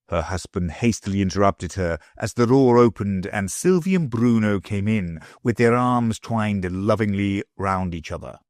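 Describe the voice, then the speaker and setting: Guy reading a kids classic out loud, expressive, dry recording. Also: on the low side, moderate pace, few pauses, dry recording. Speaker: audiobook narrator. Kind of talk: scripted narration.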